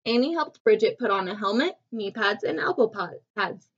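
A woman reading a picture book aloud to children, expressive and pausing to ask the listener questions. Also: mid-range voice, muffled recording. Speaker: storybook reader.

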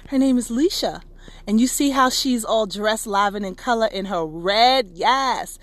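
Bubbly high-voiced woman vlogging. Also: measured pace, fairly bright tone, no room sound. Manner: bubbly, gushing, chatty. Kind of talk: casual vlog narration.

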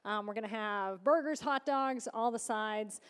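A woman's voice: mid-range voice, measured pace, smooth. A woman pastor giving church announcements in a chatty, informal way, with many fillers. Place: church hall. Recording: long reverb of a church hall.

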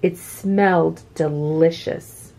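A woman reading a children's picture book aloud with expressive, swooping delivery. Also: low voice, slow pace. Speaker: children's story reader.

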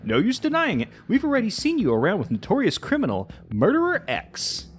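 A cooing, sing-song young woman voiced by a man, taunting and mocking in a video game. Her voice sits high and swings widely as she teases. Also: huge pitch swings, brisk, soft background music.

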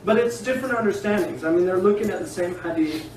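A man teaching Islamic law in an informal classroom lecture, animated and digressive, often laughing. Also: high-pitched, fast. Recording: echoey room, distant mic, faint hiss.

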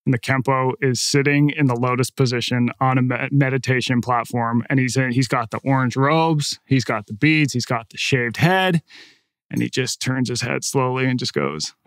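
A man, an author and podcast guest, telling stories in a casual, animated way with lots of "like" and "right?". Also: medium pitch, moderate pace, no echo. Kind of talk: conversational storytelling.

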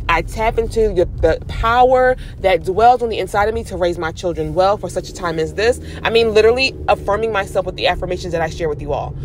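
A young woman and mom vlogger, driving while she gives an animated, chatty motivational talk. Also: medium pitch, a little fast, slight background noise. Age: young adult. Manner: animated, chatty, preachy encouragement. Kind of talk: casual motivational talk to camera. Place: in a car, driving.

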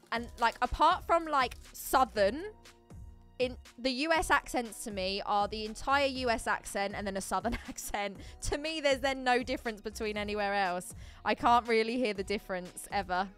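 Girl streamer, higher voice, chatty n giggly, faint music under. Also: moderate pace, fairly bright tone, clear, resonant tone. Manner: chatty, giggly, answering viewers. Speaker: streamer opening trading card packs. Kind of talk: casual live-stream chat.

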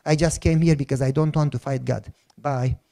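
A middle-aged man, a pastor, telling a testimony in a sermon. He acts out the dialogue, and at moments his voice drops low and soft. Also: normal speed, gravelly. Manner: animated storyteller, acts out dialogue.

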